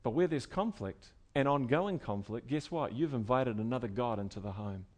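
A man preaching a sermon in a conversational way, dropping to soft asides and rising to loud, emphatic stretches. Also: mid-range voice, expressive, normal speed. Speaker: pastor.

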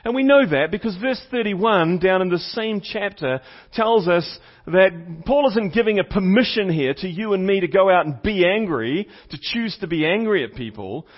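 High-voiced man preaching a sermon. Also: animated, normal speed. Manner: teaching, repeats key points for emphasis; asks the congregation questions. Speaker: pastor. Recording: slightly dull, lo-fi sound.

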